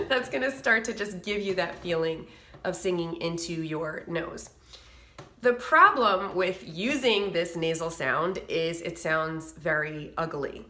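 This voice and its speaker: A woman's voice: fairly low pitch, animated, normal speed, bright, forceful tone, reverberant. A woman vocal coach giving a singing lesson to camera, explaining technique and breaking into short sung and nasal demos.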